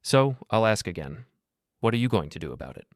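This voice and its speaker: Man playing a smug, arrogant lover, taunting, a touch higher than his low voice, dry. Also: big pitch swings, a little fast, no room sound. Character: arrogant smug lover, smooth-talking and cruel.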